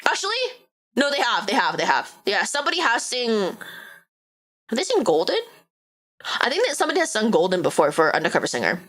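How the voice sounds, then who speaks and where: A woman VTuber streamer with a Valley Girl accent, chatting casually while reading a game aloud, peppered with "like" and sudden excited outbursts. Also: medium pitch, a little fast, pauses often.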